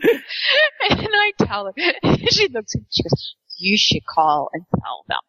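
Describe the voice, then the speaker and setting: A woman's voice: on the high side, slow, husky, no echo. A woman chatting casually, telling a funny story with lots of giggles and acted-out voices. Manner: giggly, animated storyteller who acts out voices. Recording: dull lo-fi sound.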